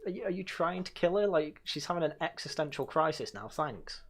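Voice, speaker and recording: A man's voice: on the high side, expressive, brisk. A man hosting a casual review stream, talking sarcastically with lots of fillers and sighs. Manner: sarcastic, frequent fillers and sighs, mocks by quoting. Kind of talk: casual sardonic review chat.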